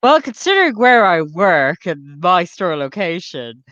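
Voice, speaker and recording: A woman's voice: fairly low pitch, very animated, unhurried, a bit bright, dry recording. A woman in casual podcast chat, her voice rising and dipping through a comic story. She swears freely and mimics the people she talks about. The audio is dry and slightly dull. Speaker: podcast co-host.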